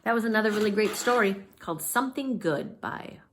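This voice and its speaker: A woman reading a picture book aloud to children as the storyteller, with a gentle, soft-spoken manner. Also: medium pitch, animated, brisk, slight background noise.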